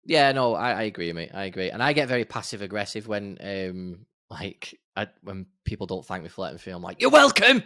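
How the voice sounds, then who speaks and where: A man's voice: deep voice, fairly quick, hardly any pauses, a bit bright, no room sound, studio quality. A man co-hosting a podcast in casual chat, easygoing and emphatic, with sarcastic outbursts. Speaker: podcast co-host.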